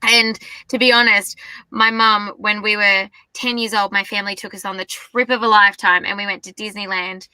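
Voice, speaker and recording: A young woman talks excitedly in a casual interview. Her voice is very bright and tense in tone, and the recording is dry with almost no room sound. She gushes and piles on enthusiasm. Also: mid-range voice, normal speed, clear, resonant tone, no echo, rough recording. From Australia. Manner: bubbly, effusive, gushing. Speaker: singer-songwriter guest.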